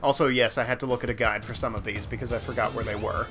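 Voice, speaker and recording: A man talks through his game in a loose, rambling way, poking fun at himself as he goes. His pitch sits in an ordinary middle range, and bright game music plays under his voice the whole time. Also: fairly even intonation, fast talker. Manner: rambling, self-mocking, offhand. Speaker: let's play host. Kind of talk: casual gameplay commentary.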